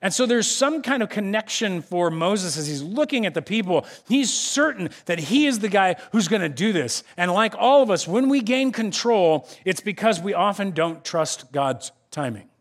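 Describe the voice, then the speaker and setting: A male pastor from the United States, preaching an animated sermon and acting out the voices of the people he quotes. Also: sits high, normal speed, hardly any pauses.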